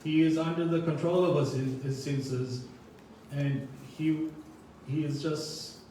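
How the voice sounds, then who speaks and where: Sermon speaker, male, mellow tone, echoey hall, mic far away. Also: on the high side, steady tone, slow, slight background noise. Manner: reads scripture aloud and explains it. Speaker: temple speaker. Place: temple hall.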